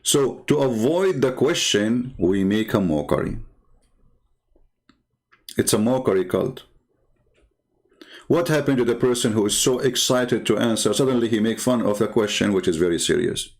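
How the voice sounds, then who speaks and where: A man's voice: fairly low pitch, lively intonation, normal speed, pauses often, a little mellow. A man hosting an online show, commenting on a clip with a mocking, sarcastic manner and broken English.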